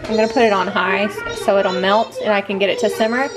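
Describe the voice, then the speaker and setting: A woman's voice: mid-range voice, steady tone, fast. A woman and mother casually talking through her cooking step by step in a home kitchen vlog. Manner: chatty, talks through each cooking step. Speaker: vlogger and mother.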